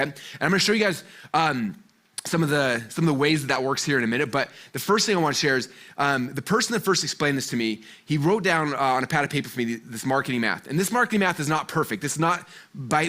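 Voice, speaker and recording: A man in his forties talks fast and high for a man, speaking to a seminar crowd. He tells his story with animation, acts out the voices of the people in it, and keeps throwing in fillers. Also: pushed and bright. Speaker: guest speaker at a business seminar. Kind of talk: energetic storytelling talk to a live audience.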